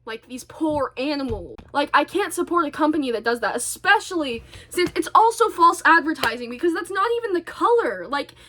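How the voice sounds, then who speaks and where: A woman vlogger in a casual, rambling monologue, animated and exasperated, full of fillers and tangents. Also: high voice, fairly quick, hardly any pauses, a little hiss or hum. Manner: chatty, goes off on tangents, many fillers.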